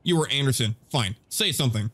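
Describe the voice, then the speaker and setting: A man's voice: mid-range voice, animated, fast talker, fairly bright tone, breathy edge. A man giving casual let's-play commentary with goofy jokes and stammering asides. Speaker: gaming streamer.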